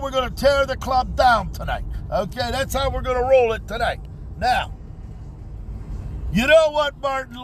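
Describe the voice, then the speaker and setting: A brash man in his fifties holds forth on a live stream, his voice pitched unusually high for a man. He keeps circling back to the same boasts with a swaggering edge. Faint city noise hums behind him outside. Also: fairly bright tone. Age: 50s. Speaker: livestream host.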